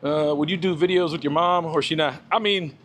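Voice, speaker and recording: A man's voice: a little high, fairly even intonation, fairly quick, a bit bright, a little hiss or hum. A man walking outdoors on a live stream, chatting casually with viewers and greeting them by name. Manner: laid-back, greets chat viewers by name. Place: outdoors on a walk.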